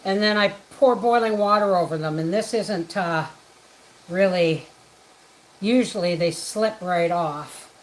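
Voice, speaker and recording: Slow, chatty homesteading woman. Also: lowish voice, a little hiss or hum, rough recording. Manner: chatty, rambling, breaks off to greet viewers by name. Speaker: homestead livestream host. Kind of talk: casual livestream chat while cooking. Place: home kitchen.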